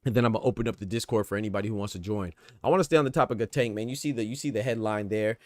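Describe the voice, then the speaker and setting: A man's voice: lowish voice, racing, darkish tone, no echo. An American man hosting a casual boxing livestream, talking in streetwise slang and firing off rhetorical questions with repeated emphasis. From United States. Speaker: boxing podcast host.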